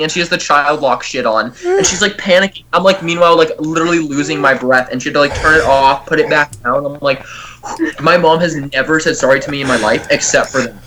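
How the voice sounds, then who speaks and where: A man's voice: a little high, fairly bright tone. A young man co-hosting a comedy podcast. He talks casually, swears freely and keeps breaking into laughter as he tells a story. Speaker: podcast co-host. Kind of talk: casual chat.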